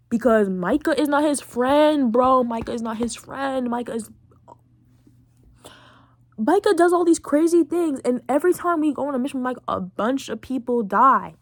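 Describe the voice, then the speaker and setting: A teenage girl hosting a podcast who recaps a video game in a chatty, excitable way, full of fillers. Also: high voice, normal speed, dry recording, studio quality. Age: late teens. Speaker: podcast host.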